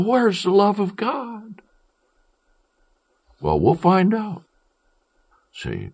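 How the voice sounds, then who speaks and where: A male preacher delivering an emphatic sermon, declaiming with strong swings in pitch and pace.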